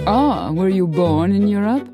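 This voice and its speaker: With music playing behind her, a woman voices a snooty, aristocratic female vampire in an audiobook. Her natural mid-range voice is animated and unhurried, and the delivery is prim, haughty, coy and affected.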